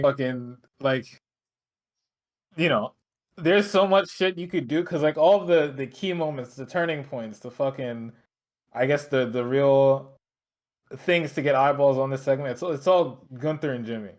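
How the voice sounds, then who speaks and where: Male co-host, average pitch, loose profane rambling chat. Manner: profane, rambling with many fillers. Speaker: podcast co-host. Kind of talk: casual chat.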